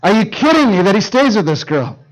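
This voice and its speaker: A man preaching to teenagers, telling a Bible story in a jokey, animated way and acting out the characters in quick voices. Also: high-pitched, poor audio. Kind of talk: youth sermon storytelling.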